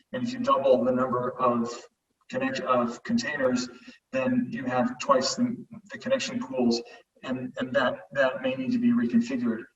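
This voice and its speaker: A man answering webinar questions as a panelist, halting, with frequent fillers and restarts. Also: medium pitch. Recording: distant, muffled remote audio.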